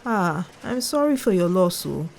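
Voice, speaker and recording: A woman's voice: fairly low pitch, big pitch swings, measured pace, gravelly, background noise, heavily acted. A woman voicing a bald male customs officer who grumbles and needles a traveller. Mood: grumbling scornful. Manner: grumbling, needling, then flaring up.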